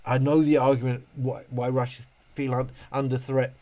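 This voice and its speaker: This is a middle-aged man on a casual live stream who reads comments from viewers and replies in rambling fashion, breaking off and restarting repeatedly. The voice is mid-range and dark in tone, with little pitch movement and a normal speed.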